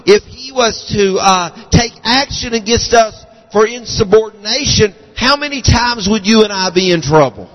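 High-voiced preacher in a reverberant hall. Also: male voice, fairly bright tone. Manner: fervent preaching, frequent restarts and repeated words. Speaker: pastor. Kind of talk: sermon. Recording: long reverb of a large hall.

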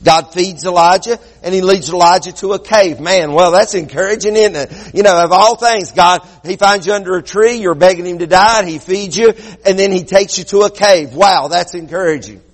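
A man preaching a sermon as pastor, swinging between loud quick bursts and low slow passages. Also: big-room sound.

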